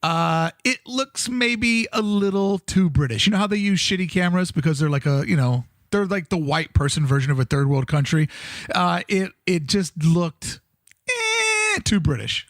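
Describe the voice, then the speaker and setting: Brief: upbeat podcast co-host, man, slightly high voice, dry close mic, jokey and profane. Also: moderate pace, no echo. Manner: animated, jokey, swears freely. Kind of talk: casual chat.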